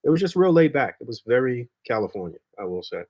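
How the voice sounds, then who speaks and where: A man hosting a podcast, chatting in a relaxed, laid-back way, swearing freely and trailing off with fillers. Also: mid-range voice, fast talker. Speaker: podcast host. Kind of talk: casual chat.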